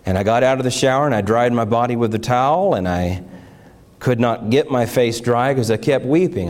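A man's voice: mid-range voice, lively intonation, normal speed, darkish tone. Fervent male preacher reading scripture. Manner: emotional, rising to fervent bursts when reading scripture. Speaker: pastor.

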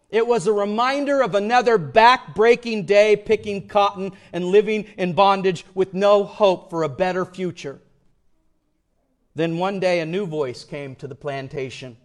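A man preaching a sermon in a slightly high voice. He swings from ringing, emphatic declarations down to near-whispered storytelling, leaning on dramatic pauses. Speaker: pastor.

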